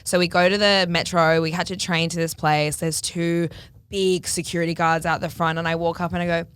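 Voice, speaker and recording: A woman in her early twenties, a podcast guest who chats casually and tells a rambling, animated story with some swearing. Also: on the low side, a little fast, clean tone. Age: early 20s. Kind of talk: casual chat.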